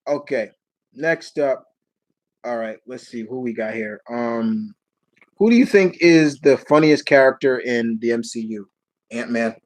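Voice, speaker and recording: A man's voice: mid-range voice, a little mellow, poor audio. A man hosting a live Q&A stream, answering viewer questions in a rambling, casual way and laughing as he retells movie scenes.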